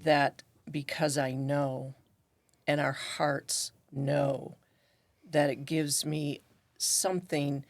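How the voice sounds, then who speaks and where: A middle-aged woman telling a personal story in conversation, animated and acting out what others said. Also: deep voice, drawn-out words, dry recording. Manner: animated, acts out quoted voices. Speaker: guest.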